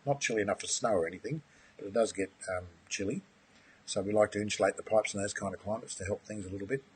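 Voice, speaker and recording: A man's voice: fairly low pitch, fast, slight background noise. A middle-aged man hosting a live webinar, chatty and enthusiastic. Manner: enthusiastic, chatty, uses "mate". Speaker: aquaponics course host.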